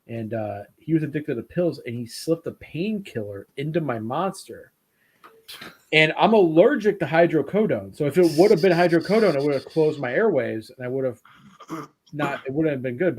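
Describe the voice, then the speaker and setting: Male host, slightly high voice, rambling casual storyteller, swears freely. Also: a little mellow. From Italian heritage. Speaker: podcast host. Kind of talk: casual chat.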